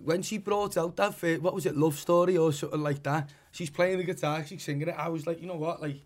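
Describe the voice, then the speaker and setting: A man's voice: a little high, steady tone, fast talker. Rambling sweary Scouse man. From Liverpool, England. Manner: rambling, sweary, lots of "you know what I mean". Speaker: musician. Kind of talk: casual podcast chat.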